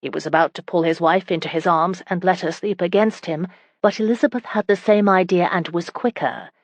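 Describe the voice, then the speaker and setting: A woman reads an audiobook in a measured, even way. Her voice sits low, and the recording is dry and close. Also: no room sound. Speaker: audiobook narrator. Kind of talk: scripted audiobook narration.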